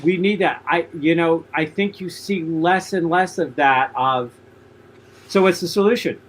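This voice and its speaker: A man's voice: a little high, a little slow, a bit bright, rough recording. A man hosting a talk show, speaking earnestly and enthusiastically, often repeating his phrases. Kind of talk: radio interview chat.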